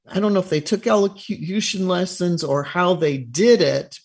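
American guy cohosting, kinda high voice, hesitant with uhs. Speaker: co-host. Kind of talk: casual chat on a talk show.

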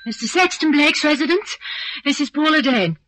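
An actress playing a brisk, capable young secretary giving orders in a vintage radio drama. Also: female voice, high voice, animated, a bit bright, no room sound, rough recording. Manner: brisk, efficient, commanding.

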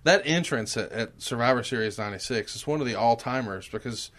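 A man's voice: medium pitch, brisk, a bit bright. A man co-hosting a podcast, asking questions and sharing his enthusiasm as a fan in casual chat. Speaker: podcast co-host.

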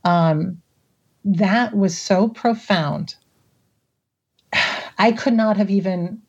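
A middle-aged woman from the Midwest telling a personal story as an interview guest, emotional and laughing often between halting restarts. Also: mid-range voice, a little mellow, husky, dull audio. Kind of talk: recounting a personal experience in an interview.

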